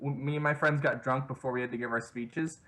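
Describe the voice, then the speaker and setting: A man's voice: mid-range voice, fairly even intonation, fairly quick, fairly bright tone, low-quality recording. A young man co-hosting a podcast, rambling through a story with frequent laughs. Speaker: podcast co-host. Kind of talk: casual chat.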